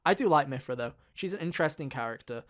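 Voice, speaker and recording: A man's voice: on the high side, lively intonation, quick pace, fairly bright tone. Rambling, swearing gamer guy. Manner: rambling, profane, lots of fillers. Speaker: podcast co-host. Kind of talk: casual gaming chat.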